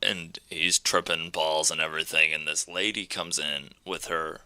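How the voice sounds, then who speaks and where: A man's voice: a bass voice, flat delivery, moderate pace, bright, forceful tone, smooth, dry recording. A man casually recapping a movie scene by scene on a podcast, rambling and laughing as he goes. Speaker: podcast co-host.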